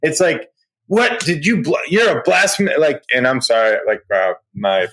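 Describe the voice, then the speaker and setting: A man hosting a podcast in casual chat, excitable and loud, ranting with sudden rises in pitch when worked up. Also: moderate pace, poor audio. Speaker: podcast host.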